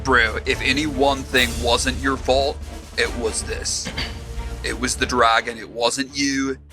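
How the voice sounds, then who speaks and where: A man's voice: medium pitch, level tone, slow pace, music in the background, natural voice. A man playing an earnest, loyal warrior in a tabletop game, speaking sincerely and reassuringly in a voice close to his own.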